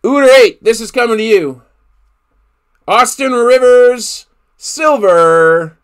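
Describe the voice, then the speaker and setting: A man's voice: very high voice, lively intonation, takes it slowly, fairly bright tone, clean tone. A man hosting a live card break, calling out each player he pulls and exclaiming over the big hits. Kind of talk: live card-opening commentary.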